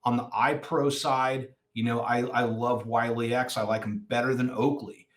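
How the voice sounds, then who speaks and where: A man's voice: medium pitch, normal speed. Rambling male podcast guest. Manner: rambling, animated storyteller. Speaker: podcast guest, nonprofit founder. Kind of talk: casual interview chat.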